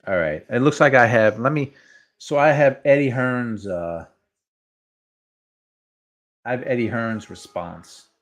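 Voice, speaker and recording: A man hosting a boxing talk show, speaking in a relaxed, rambling way. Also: medium pitch, a little slow, pauses often. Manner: relaxed, rambling, chuckles often. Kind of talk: casual boxing chat.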